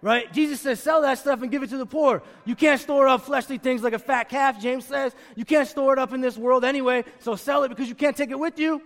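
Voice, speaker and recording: A man with a high voice preaching a sermon, calling on the congregation to answer back and drumming in his main lines by saying them again and again. His voice rings out with a long reverb, as if he is in a big church sanctuary. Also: fairly even intonation, a little fast, hardly any pauses, a bit bright. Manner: call-and-response with the congregation; emphatic, repeats key phrases. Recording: long reverb of a large room.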